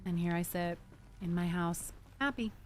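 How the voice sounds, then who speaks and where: A woman's voice: on the low side, normal speed, a little hiss or hum. A young adult woman livestreaming a game, chatting casually in a rambling, joking way and swearing freely. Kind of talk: casual chat while gaming.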